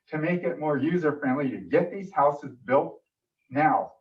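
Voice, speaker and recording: A man's voice: fairly high pitch, moderate pace. A man giving an emotional, frustrated public comment at a city meeting. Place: council meeting room. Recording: distant dull room mic.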